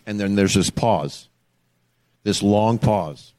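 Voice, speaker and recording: A man from Florida, co-hosting a podcast and telling a story in a casual, animated way, acting out the voices he quotes. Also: fairly low pitch, unhurried, no echo. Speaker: podcast co-host.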